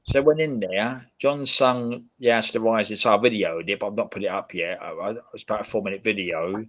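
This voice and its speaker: A man's voice: fairly low pitch, fairly quick, fairly bright tone. A man chatting casually on a livestream, hesitant and repeating his words. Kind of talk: casual chat.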